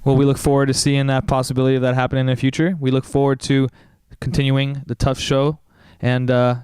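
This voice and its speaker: A man interviewing a fighter at a gym, asking steady, prepared questions. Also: medium pitch, quick pace, clean tone, no room sound.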